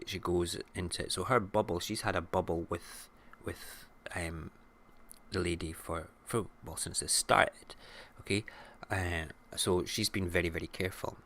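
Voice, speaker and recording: Deep, sharp-voiced Scottish man ranting. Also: slight background noise. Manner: irreverent, jokey, swearing rants. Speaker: radio show host. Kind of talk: casual morning show commentary.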